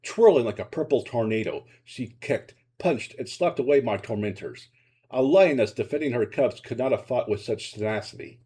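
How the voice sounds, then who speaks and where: Man, author reading own story, husky, lively intonation, dramatic narration. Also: medium pitch, normal speed.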